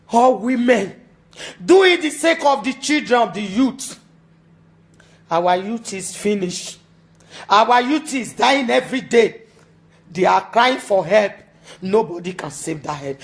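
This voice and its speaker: A woman with a Nigerian accent making an emotional, pleading appeal, repeating her entreaties and now and then slipping into a sung chant. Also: a little high.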